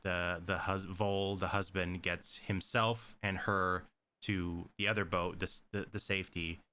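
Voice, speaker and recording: A man's voice: deep voice, little pitch movement, unhurried, sharp tone, a little hiss or hum. A man co-hosting a podcast, casually recapping a horror movie with lots of fillers and profanity. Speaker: podcast co-host.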